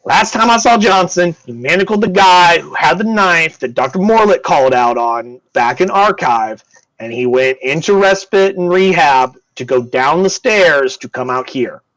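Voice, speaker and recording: A man's voice: on the high side, lively intonation, normal speed, a bit bright, no echo, low-quality recording. A man narrating as game master in a tabletop game, in a casual, loose style with some swearing.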